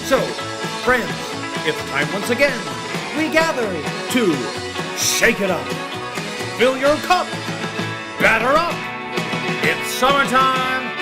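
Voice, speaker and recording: A man hosts a live-streamed music show from a studio, using folksy, theatrical showman patter full of jokes. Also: extremely high pitch. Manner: folksy, theatrical announcer delivery.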